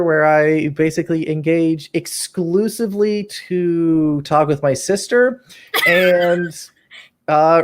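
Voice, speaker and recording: A man in his twenties, a graduate student guest, joking in laid-back casual chat over a video call. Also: fairly high pitch.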